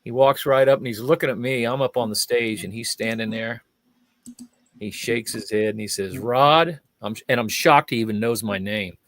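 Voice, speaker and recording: An older man with a fairly low voice, speaking at a moderate pace with no room sound, appears as a guest magician and fire eater on a chat show. He's a lively storyteller who shares anecdotes and acts out the voices of the people in them.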